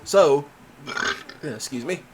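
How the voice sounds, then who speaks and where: A man hosting a casual chat, telling stories in an animated way, laughing often and swearing freely. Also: a little high, extremely slow. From Mississippi. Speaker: host.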